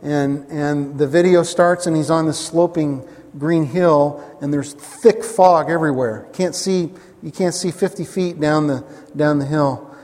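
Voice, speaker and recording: A man's voice: a little high, fairly even intonation, a little slow, a little mellow. Emphatic pastor man in a reverberant hall. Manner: emphatic, repeats lines, asks the congregation questions. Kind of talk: sermon.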